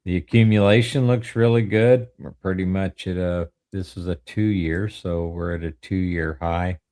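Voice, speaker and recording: A man's voice: low voice, measured pace. A man co-hosting a stock live stream, methodically reading off chart indicators and trends. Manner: steady, methodical readout of indicators. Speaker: co-host, technical analyst. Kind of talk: technical chart commentary.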